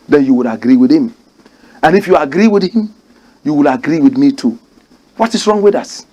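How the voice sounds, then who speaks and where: A Ghanaian man hosting a commentary show, preaching his views with rhetorical questions and repeated phrases. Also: fairly high pitch. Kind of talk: impassioned commentary monologue.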